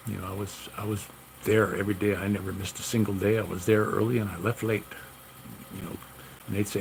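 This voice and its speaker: A man's voice: on the low side, steady tone, fairly quick, gravelly, slight background noise, rough recording. A man casually telling long stories about his gunsmith work, rambling and repeating himself with lots of "you know". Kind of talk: casual storytelling.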